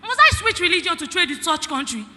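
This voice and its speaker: A teenage girl with a Nigerian accent delivers a formal debate speech in a very high, sharply bright voice. She presses her points with emphatic rhetorical questions. The sound carries a long hall reverb. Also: big pitch swings, quick pace. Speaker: student debater.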